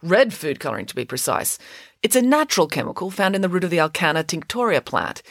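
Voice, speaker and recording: A woman voicing a clever, self-assured teenage girl who explains things briskly and matter-of-factly. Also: fairly low pitch, very animated, no echo, studio quality.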